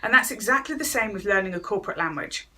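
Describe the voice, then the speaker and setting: Bright-voiced woman giving advice. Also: medium pitch, expressive, fast. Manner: chatty, acts out quoted voices. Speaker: workplace wellness speaker. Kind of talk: direct-to-camera talk to viewers.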